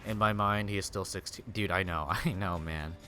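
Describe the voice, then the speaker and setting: A young man with a low, fairly even voice talks at a normal speed, his tone bright and forceful over soft background music. He's streaming a game and chatting casually with viewers, rambling in slang and scattering "dude" and "like" throughout.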